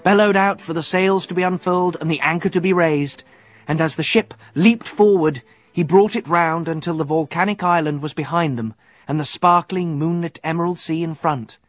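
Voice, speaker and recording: A man narrating a children's story aloud in a measured storytelling manner. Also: fairly high pitch, no echo. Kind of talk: audiobook narration.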